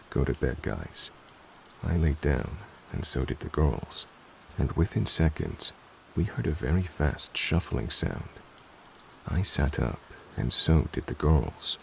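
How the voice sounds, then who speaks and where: A man with a gravelly voice reading a first-person story in an even, low-key manner. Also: a little hiss or hum, low-quality recording. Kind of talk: scripted narration. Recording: rain sounds behind the voice.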